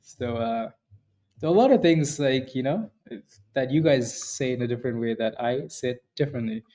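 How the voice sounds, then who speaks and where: Man, live trading stream host, dark mellow voice, rambling, chatty. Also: mid-range voice, expressive, moderate pace. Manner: chatty, answers viewers by name; rambling with many restarts. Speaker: stock trading livestream host. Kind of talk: live-stream market commentary.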